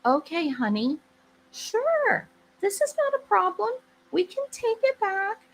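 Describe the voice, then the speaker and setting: A woman's voice: extremely high pitch, big pitch swings, takes it slowly, slight background noise, pitched above the performer's own voice, full character voice, low-quality recording. A woman voicing a doting husband who earnestly tries to please his wife. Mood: placating. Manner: earnest, placating.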